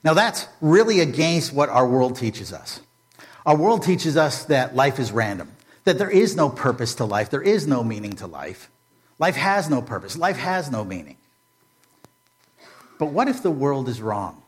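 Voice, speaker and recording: Lively conversational preacher. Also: male voice, medium pitch, measured pace. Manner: conversational, humorous, rhetorical questions. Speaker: pastor. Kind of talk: sermon.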